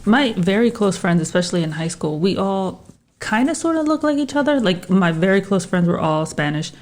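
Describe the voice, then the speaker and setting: A woman's voice: medium pitch, animated, a little fast, a little mellow. A woman co-hosting a podcast in casual chat, speaking in a thoughtful, hedging way. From Puerto Rican family, raised in Philadelphia. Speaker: podcast co-host.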